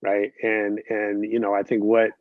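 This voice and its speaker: A man's voice: lowish voice, monotone, a little slow, dry recording. A man hosting a podcast interview, reflective, with frequent fillers and affirmations. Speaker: podcast host. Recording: dry, slightly dull sound.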